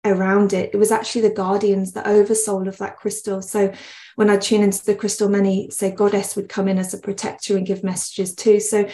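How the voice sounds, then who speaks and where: An earnest woman talks as a podcast guest, wandering from thought to thought and breaking into laughter often. Her voice sits at an ordinary middle pitch for a woman. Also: flat delivery, brisk, dark tone. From West Midlands, England. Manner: earnest, rambling with frequent laughs. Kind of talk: conversational podcast interview.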